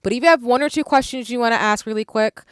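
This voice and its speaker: A woman's voice: a little high, fast, smooth, no room sound, clean studio sound. A woman hosting a live-streamed panel, thanking people at length with lots of "um"s as she moderates. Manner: warm, effusive thanks, many fillers. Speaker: panel host.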